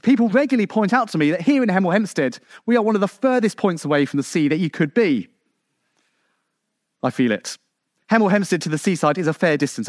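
An English preacher gives his sermon in a bright, high voice, animated as it climbs to emphatic peaks and drops to quiet lows. He speaks conversationally, with many asides and rhetorical questions, and the sound is dry and close without room echo.

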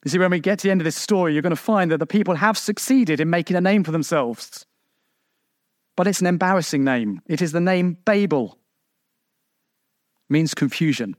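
A man preaching a sermon, emphatic and full of rhetorical questions to his congregation, with sharp swings in pitch for emphasis. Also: brisk, long pauses, no room sound, studio quality.

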